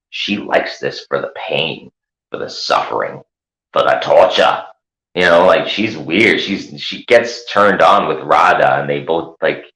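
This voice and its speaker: A man's voice: rumbling low, sharp tone, echoey room, poor audio. A man hosting his own channel, ranting in sarcastic, profane commentary. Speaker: channel host.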